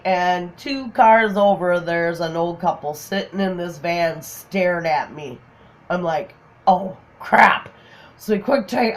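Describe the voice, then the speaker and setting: A middle-aged grandmother tells family stories at an unhurried, easy pace. She laughs often as she talks and slips into little acted-out voices for the people in her tales. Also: on the low side. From Minnesota, USA. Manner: laughs often, acts out quotes. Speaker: crafting channel host. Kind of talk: casual storytelling chat.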